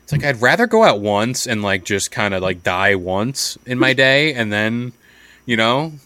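A man's voice: mid-range voice, very animated, moderate pace, pushed and bright, clear, resonant tone, no room sound. A young man from New York co-hosting a podcast in casual chat, rambling and filling his talk with "like". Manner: rambling, says "like" a lot. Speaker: podcast co-host.

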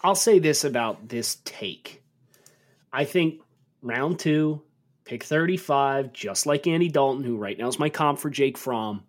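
A man co-hosting a football podcast, talking through draft takes in a measured, analytical way. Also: mid-range voice. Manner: measured analysis, turns incredulous and emphatic when joking. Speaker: podcast co-host. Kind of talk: casual sports podcast chat.

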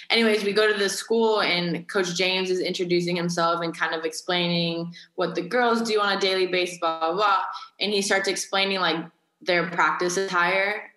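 A young woman from California talks through an interview in a relaxed, chatty way, leaning on "like" again and again. Her voice sits low but sounds bright. The room around her is echoey. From Carlsbad, California. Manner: chatty, heavy use of "like". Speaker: college athlete guest. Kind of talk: casual interview chat.

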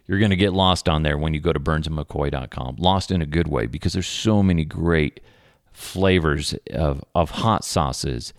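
A man's voice: very deep voice, normal speed, dry recording, studio quality. A man in his thirties hosting a podcast, telling rambling stories about his kids in a casual chat. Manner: rambling, animated storytelling with laughs. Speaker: podcast host.

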